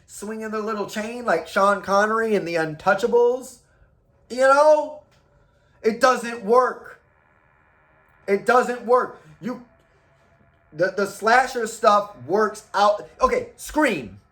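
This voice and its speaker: Guy ranting about horror movies, high voice, swings all over the place, bit of music behind. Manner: animated, rhetorical questions, profane. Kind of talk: casual argumentative monologue.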